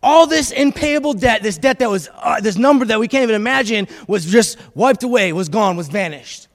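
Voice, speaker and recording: A high-pitched man preaching a sermon, lively and repetitive, calling for the congregation to answer back. His voice rings through the long reverb of a church sanctuary. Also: a little fast. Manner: animated preaching with call-and-response and repetition. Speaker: pastor.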